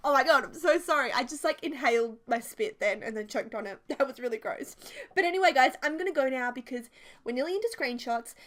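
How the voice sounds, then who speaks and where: A woman's voice: high-pitched, expressive, a bit bright, slight background noise. A woman in her twenties with an Australian accent, rambling through a funny personal story in casual vlog talk, laughing often and filling her sentences with "like". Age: 20s. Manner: chatty, rambling, quick to laugh, many "like"s. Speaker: Sims speed-build vlogger. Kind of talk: casual storytime over a speed build.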